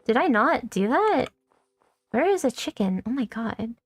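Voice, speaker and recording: A young woman with a fairly high voice chats through a game stream, wandering from thought to thought with plenty of swearing and self-mocking jokes. Her voice sits close and dry on the mic, with soft music playing faintly underneath. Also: very animated, unhurried, slightly rough, no room sound. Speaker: VTuber streamer. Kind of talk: casual gaming stream chat. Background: faint background music.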